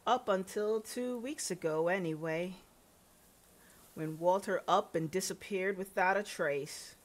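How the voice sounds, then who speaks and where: A woman's voice: fairly low pitch, lightly acted. A woman reading as a plain-spoken Southern farm wife. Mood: matter-of-fact. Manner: plain, measured reading of game lines. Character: 38-year-old Southern farm wife, down-to-earth.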